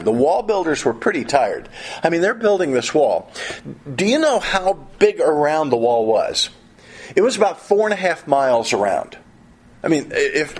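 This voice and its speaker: A middle-aged male preacher with a husky, slightly breathy voice gives a sermon. His pitch swings widely as he talks. He often doubles back and repeats words while he builds his points. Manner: animated, repeats and restarts phrases.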